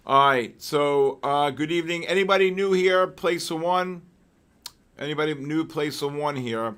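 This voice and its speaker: Man, live trading commentary, rambling, repeats words, clears throat often, exclamatory asides. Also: a little high, unhurried, fairly bright tone. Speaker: trading show host.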